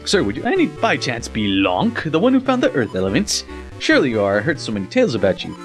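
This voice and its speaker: Brief: guy voicing excitable game inventor, upbeat read, lively pitch. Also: quick pace, faint music behind. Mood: eager. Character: eager male scholar-inventor, excitable.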